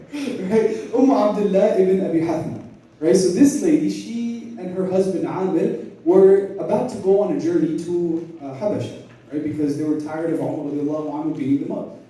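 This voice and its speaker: Animated lecturer in an echoey hall. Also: male voice, high voice, moderate pace. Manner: animated storyteller, acts out dialogue, laughs often. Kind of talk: lecture retelling history in casual slang. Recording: echoey hall, mic at a distance.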